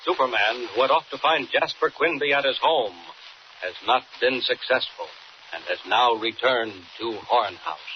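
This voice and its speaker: A male announcer giving measured, formal narration for a 1940s radio serial. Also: medium pitch. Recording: dull old radio recording with faint hiss.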